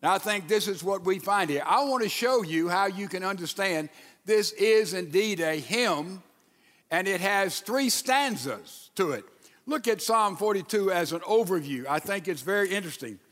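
A man's voice: high-pitched, expressive, normal speed, fairly bright tone, big-room sound. A man preaching a sermon as a pastor, leading his congregation in reading and prayer. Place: church sanctuary.

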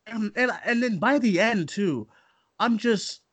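A man hosting a casual movie podcast, ranting in an animated, exasperated way. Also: high voice, measured pace. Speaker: podcast host. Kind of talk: casual group chat about movies.

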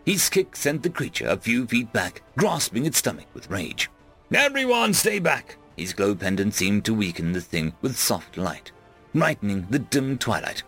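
A man narrating a first-person action story in a dramatic, lively way. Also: medium pitch, breathy edge. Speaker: audiobook narrator.

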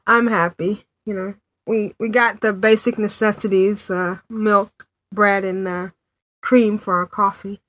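A woman's voice: mid-range voice, steady tone, unhurried, fairly bright tone, no room sound. A woman hosting a podcast, chatting casually with many fillers and frequent laughs. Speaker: podcast host. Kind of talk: casual chat. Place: home in New England city.

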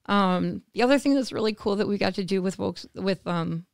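A woman from the United States, an interview guest telling a personal story in conversation, animated and acting out what others said. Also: mid-range voice, brisk, vocal fry, smooth, no room sound, studio quality. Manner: animated, acts out quoted voices, laughs between phrases.

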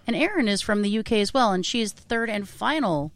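A woman's voice: mid-range voice, lively intonation, fast talker, no echo. A woman co-hosting a radio music show, chatting in a gushing, enthusiastic and teasing way. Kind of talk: casual on-air music chat.

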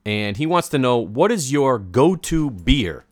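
Lively-voiced man telling a rambling story. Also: mid-range voice, unhurried. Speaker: podcast co-host. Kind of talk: casual chat.

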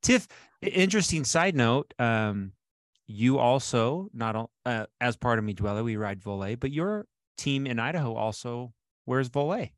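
A man's voice: mid-range voice, lively intonation, moderate pace, dry recording. Man, podcast host, upbeat, chatty with fillers, dry close sound. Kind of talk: casual podcast chat.

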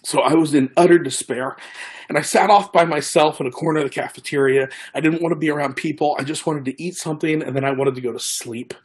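A man telling a personal faith story, acting out the people he quotes with lively changes of voice. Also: fairly high pitch, fast talker, breathy edge. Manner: animated, acts out quoted dialogue.

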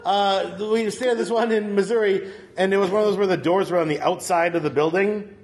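A man's voice: sits high, a little fast, darkish tone. A man telling a long story in casual chat, rambling with lots of fillers and laughing as he goes.

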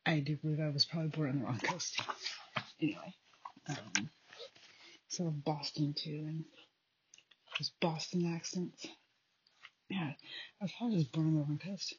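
A young adult woman hosting a casual solo podcast from home at night, talking quietly and rambling with many fillers into a phone. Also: deep voice, normal speed, long pauses, noisy background. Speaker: podcast host. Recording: dull lo-fi phone recording.

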